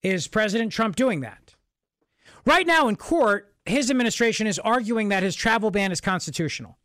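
A male talk radio host with a high voice holds forth in an emphatic, sarcastic monologue, hammering his points through repetition. His studio microphone sounds close and dry, with no room around it. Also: expressive, normal speed, a bit bright, dry recording.

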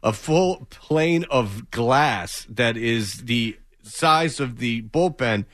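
A man's voice: medium pitch, animated, extremely slow, fairly bright tone, no room sound. A man co-hosting sports talk radio, rambling with lots of fillers and restarts. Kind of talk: casual morning sports talk. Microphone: studio mic.

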